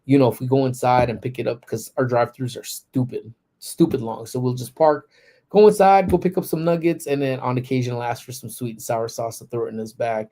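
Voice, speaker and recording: A man's voice: medium pitch, fairly even intonation, brisk, warm tone. A man in his forties hosting a casual livestream, telling stories in a laid-back, slangy way with frequent laughs. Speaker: livestream host.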